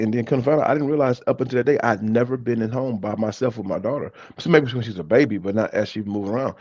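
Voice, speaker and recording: A man's voice: mid-range voice, fast talker, few pauses, a little mellow, husky, no room sound. A man co-hosting a church talk show, telling personal stories earnestly and often restarting his sentences. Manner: earnest storytelling with many restarts. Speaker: church leader and co-host. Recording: dull, dry lo-fi sound.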